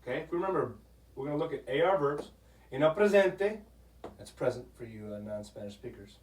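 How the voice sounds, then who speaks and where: A man teaching a Spanish grammar lesson, patient, repeating "okay?" often and sounding out words slowly. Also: mid-range voice, lively intonation, a little hiss or hum. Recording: echoey room, voice from a distance.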